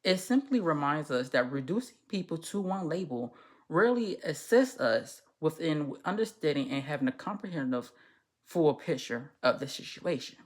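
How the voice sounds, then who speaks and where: A woman's voice: sits low, expressive, moderate pace, darkish tone. Woman, podcast host, social worker, casual commentary, candid, profane, rambling, stumbles over words.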